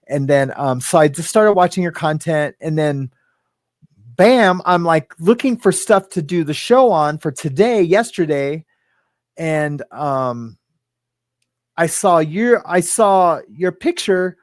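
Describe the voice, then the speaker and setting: A man's voice: on the high side, lively intonation, slow, no room sound, studio quality. A man hosting a casual live stream, rambling, laughing often and greeting viewers in the chat by name. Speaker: livestream host.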